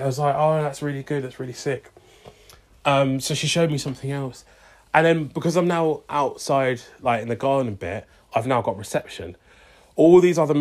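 A young man tells a long anecdote casually in a mid-range, slightly mellow voice. Acting out each side of the conversation, he fills it with "I was like" and "she's like."

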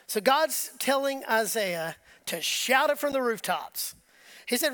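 Laughing storytelling pastor with twang. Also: male voice, very high voice, expressive, normal speed, a bit bright. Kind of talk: sermon.

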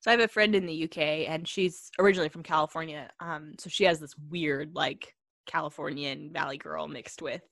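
Woman, lower register, casual rambling co-host, dry close mic. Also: fairly even intonation, a little fast, creaky, fairly bright tone, no room sound. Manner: rambling, laughs often, many fillers. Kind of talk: casual chat.

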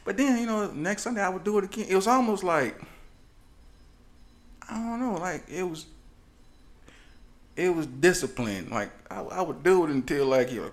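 A man's voice: high voice, expressive, normal speed, pauses often, fairly bright tone. A man co-hosting a podcast, telling stories in a casual chat, laughing often and mimicking the voices of people he talks about. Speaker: podcast co-host.

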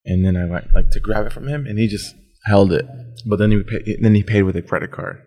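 A man's voice: fairly low pitch, steady tone, fairly quick, warm tone. A young man hosting a podcast, telling profane, casual stories full of dude and bro. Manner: profane storytelling, says dude and bro a lot. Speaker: podcast host. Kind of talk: casual chat.

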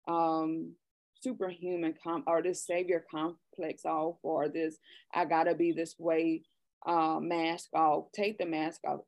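A woman's voice: on the low side, no room sound. A middle-aged woman hosting a casual talk show, speaking earnestly and often restarting her sentences. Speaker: podcast host. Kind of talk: casual conversation.

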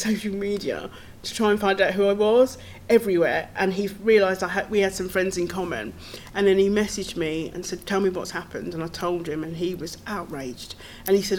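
A woman's voice: mid-range voice, darkish tone, slight background noise. A middle-aged woman, a podcast guest telling her own story in an earnest, tumbling way, with nervous laughs. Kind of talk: personal storytelling.

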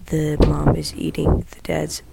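Gravelly-voiced joking man, noisy mic. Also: a little high, completely flat delivery, measured pace. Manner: joking, goofy, often half-whispered. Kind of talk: casual chat among friends. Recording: loud background noise.

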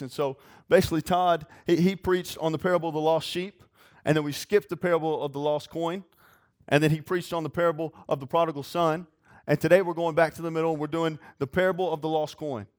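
Folksy, fired-up young male preacher. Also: a little high. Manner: folksy storytelling, building to excited shouts. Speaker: youth pastor preaching. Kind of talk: sermon.

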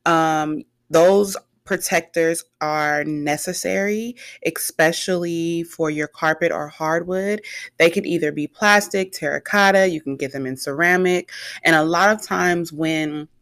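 A woman hosting a podcast in casual chat, chatty and quick to affirm her guest. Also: fairly low pitch, a bit bright, no echo. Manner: chatty, lots of affirming yeses. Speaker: podcast host.

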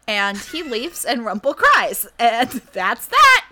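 A woman co-hosting a comedy podcast, recapping a TV episode in casual chat with a sarcastic edge and quick acted-out character lines. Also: a little high, huge pitch swings, background noise.

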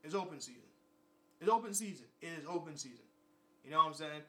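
Talking fast with lively intonation and a fairly high pitch, this young man vlogs at length in a casual monologue. His talk is rambling and repetitive, full of profanity.

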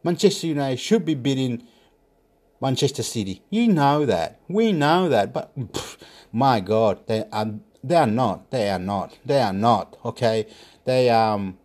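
A man's voice: medium pitch, expressive, measured pace, a little mellow. A man giving football predictions in a rambling casual monologue, talking to himself, muttering and sometimes swearing.

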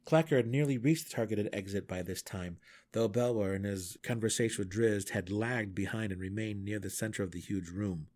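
Man, audiobook narrator, low voice, measured, steady. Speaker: audiobook reader.

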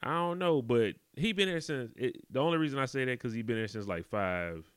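A man's voice: mid-range voice, expressive, fairly quick, smooth, dry recording. Man, podcast co-host, casual chat, laid-back, dry close sound. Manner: laid-back, conversational, often asks "you know what I'm talking about".

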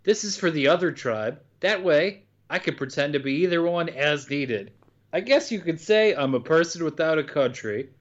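A man voicing a weary West African woman who recounts her past in a flat, matter-of-fact way, on dull lo-fi audio. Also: fairly high pitch, normal speed, close to an everyday voice.

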